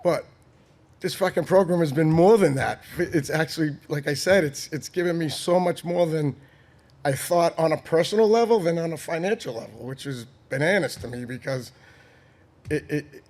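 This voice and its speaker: A man's voice: on the high side, normal speed, darkish tone. A man with a Boston accent, a guest on a podcast, talking earnestly and bluntly with casual swearing. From Boston, Massachusetts. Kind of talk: candid conversational interview.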